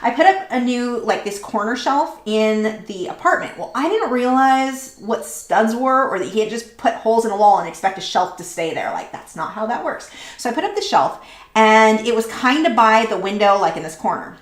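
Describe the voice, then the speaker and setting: A woman's voice: fairly high pitch, expressive, moderate pace. A woman in her thirties telling stories in casual chat while painting live, rambling with lots of fillers and restarts. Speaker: artist hosting a live painting stream. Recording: echoey room.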